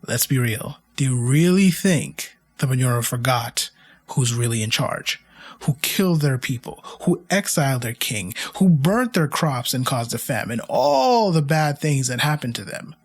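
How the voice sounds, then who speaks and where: Male history podcaster; husky tone, lively delivery, chatty and wry. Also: medium pitch, a little slow, faint music behind. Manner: animated, wry, asides to listeners. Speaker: podcast host. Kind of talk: casual storytelling narration of history.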